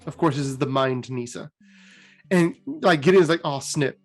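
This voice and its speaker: A man's voice: mid-range voice, moderate pace, faint music behind. A man hosting a show, animatedly retelling fantasy game lore in a casual way. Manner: animated storytelling. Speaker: host.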